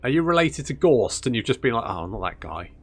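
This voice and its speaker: Man, let's-play commentary, sarcastic, grumbly, swears, lively up-and-down voice. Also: mid-range voice, fairly quick. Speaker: gaming YouTuber.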